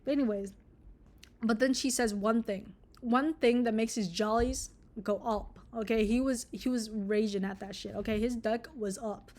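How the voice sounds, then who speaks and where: A woman's voice: fairly high pitch, steady tone, moderate pace, darkish tone. Sarcastic, swearing young woman ranting about a book. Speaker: book reviewer. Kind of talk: casual book review with read-aloud passages.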